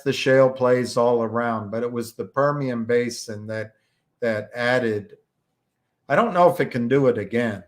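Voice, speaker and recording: A man from the United States, hosting a livestream and talking casually in a slow, rambling way, with many fillers and restarts. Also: medium pitch. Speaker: livestream host.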